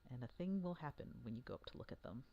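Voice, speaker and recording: A dungeon master narrating a tabletop game live, talking in a halting way with many fillers and restarts. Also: medium pitch, expressive, creaky, highs cut off.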